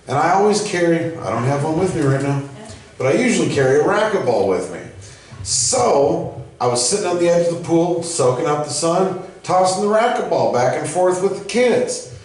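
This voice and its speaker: A man working out stand-up material with a slightly high, profane, rambling delivery. He is heard from some distance in a very echoey room. It sounds like a small live venue. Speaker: open mic host and comedian. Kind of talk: stand-up comedy. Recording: very echoey room, mic from afar.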